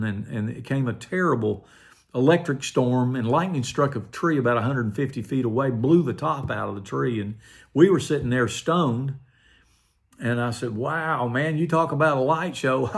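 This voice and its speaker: Older male pastor, gravelly, earnest testimony. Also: mid-range voice. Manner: earnest, quietly emotional storytelling. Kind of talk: personal testimony.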